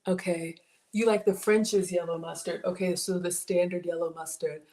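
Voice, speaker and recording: A woman's voice: lowish voice, little pitch movement, moderate pace, dark tone. A woman hosting a home cooking livestream from her kitchen, chatting casually, reading out viewer comments and thanking people by name, often saying y'all. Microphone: camera.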